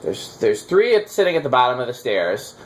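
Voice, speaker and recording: A man's voice: mid-range voice, sing-song, a little fast. A man hosting a casual chat while testing ceiling fans, rambling and teasing with lots of fillers. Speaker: fan collector host. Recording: faint background noise.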